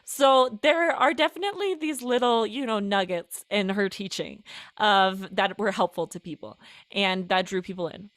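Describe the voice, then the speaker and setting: A woman's voice: mid-range voice, normal speed, fairly bright tone, dry recording, studio quality. A woman co-hosting a casual podcast chat, talking freely with fillers and frequent laughter. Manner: chatty, laughs often, many fillers. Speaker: podcast co-host.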